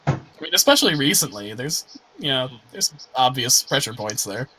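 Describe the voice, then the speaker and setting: Bright-voiced man running a tabletop game. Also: mid-range voice, big pitch swings, normal speed, slight background noise, poor audio. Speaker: game master. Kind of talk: casual post-session chat.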